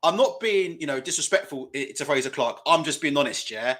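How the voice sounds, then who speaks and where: Animated, mocking man commentating live. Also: a little high, brisk. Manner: mocking, laughing, loose and profane. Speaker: livestream boxing watch-along host.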